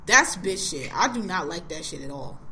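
A woman's voice: on the low side, lively intonation, normal speed, bright, forceful tone, slight background noise. A woman in her forties hosting a podcast, ranting bluntly and with heavy profanity in casual chat. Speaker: podcast host.

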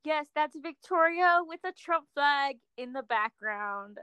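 Woman co-host, high voice, catty and profane, dry close recording. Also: expressive, measured pace, bright, forceful tone, dry recording. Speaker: podcast co-host. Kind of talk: casual chat.

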